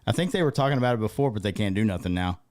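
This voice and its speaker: A man's voice: lowish voice, lively intonation, rapid-fire, a little mellow. A man co-hosting a casual podcast in a laid-back way, swearing and saying dude. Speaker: podcast co-host. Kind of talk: casual sports and pop-culture chat.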